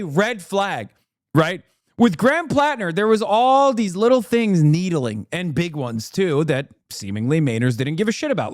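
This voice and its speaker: High-voiced man ranting on stream. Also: dry recording, studio quality. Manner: profane, incredulous, ranting. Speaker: streamer reacting to news. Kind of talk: live-stream political commentary.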